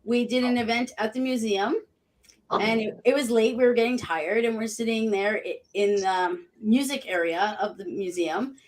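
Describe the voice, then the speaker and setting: A woman's voice: a little high, normal speed, low-quality recording. Upbeat woman investigator. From Canada. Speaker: paranormal investigator, guest. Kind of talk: casual storytelling.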